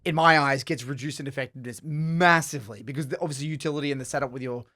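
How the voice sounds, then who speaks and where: A man co-hosting a gaming podcast, talking in a rapid, excitable way with lots of restarts and repeated words. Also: medium pitch. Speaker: podcast co-host. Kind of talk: casual gaming podcast chat.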